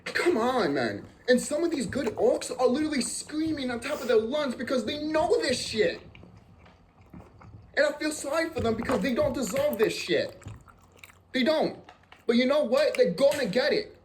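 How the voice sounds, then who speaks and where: This is an expletive-laden, heated rant from a vlogger whose voice swings widely up and down in pitch. The delivery is insistent and repetitive, hammering the same phrases for emphasis. A steady hiss of background noise sits clearly under the recording. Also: normal speed, poor audio. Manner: profane, emphatic, repeats phrases. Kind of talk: ranting monologue.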